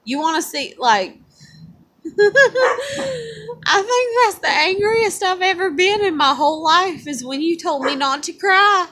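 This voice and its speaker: Woman vlogger, high voice, profane rambling rant to camera, noisy room. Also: sharp tone. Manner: profane, rambling, swings between bitter and teary. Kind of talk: drinking and ranting to camera.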